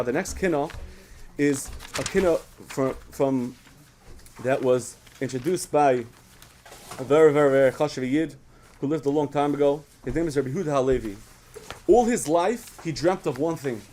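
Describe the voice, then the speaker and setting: A man's voice: fairly high pitch, moderate pace, slight background noise. Storytelling man teaching children. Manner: asks the audience questions, animated storytelling. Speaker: speaker at a children's program.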